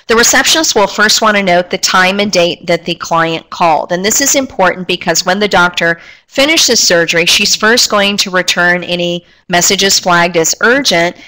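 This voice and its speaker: Middle-aged woman teaching phone skills, bright tense voice, pitched a bit low, upbeat and clear. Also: low-quality recording. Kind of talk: instructional talk to camera.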